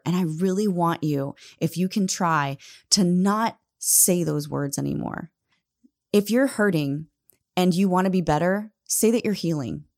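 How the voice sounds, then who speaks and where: A woman's voice: mid-range voice, gravelly, darkish tone. A woman in her thirties giving an earnest, emphatic motivational talk, often addressing listeners directly as "guys.". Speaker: motivational speaker.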